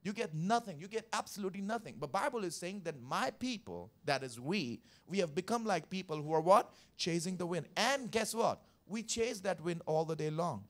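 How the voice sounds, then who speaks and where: High-voiced male pastor preaching emphatically. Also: expressive, moderate pace, hardly any pauses. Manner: emphatic, repeats key phrases, calls for congregation response; explains scripture verse by verse. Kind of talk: sermon.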